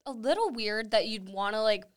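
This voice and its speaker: A woman's voice: fairly high pitch, expressive, moderate pace. A young woman in her twenties, co-hosting a podcast, chatting frankly with strong opinions and casual swearing. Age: 20s. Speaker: podcast co-host. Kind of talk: casual chat.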